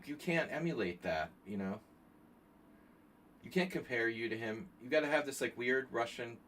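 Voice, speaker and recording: A man streaming chess, chatting casually and thinking out loud with joking asides to his viewers. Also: mid-range voice, slight background noise. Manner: chatty, thinking aloud, jokey asides to chat. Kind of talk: casual live-stream commentary.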